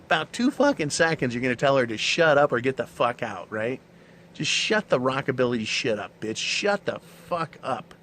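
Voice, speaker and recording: A man hosts his own show with a blunt, profane, mocking rant. His medium-pitched voice is brisk and slightly bright with lively intonation, and there's a little hiss or hum on the audio.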